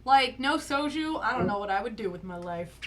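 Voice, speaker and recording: A woman's voice: a little high, animated, fairly quick, fairly bright tone, a little hiss or hum. A young woman from Canada with a slight lisp, co-hosting a live stream and chatting casually while reading the chat aloud. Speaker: streamer co-host. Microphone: streaming mic.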